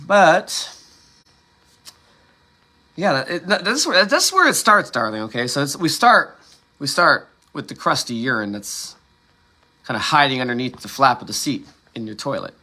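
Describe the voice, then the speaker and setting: A man's voice: mid-range voice, expressive, a little slow, pauses often, pushed and bright. A man hosting a late-night solo livestream, rambling with frequent restarts, swearing and laughing at himself. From Ohio. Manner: rambling, self-interrupting, profane and laughing. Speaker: livestream host.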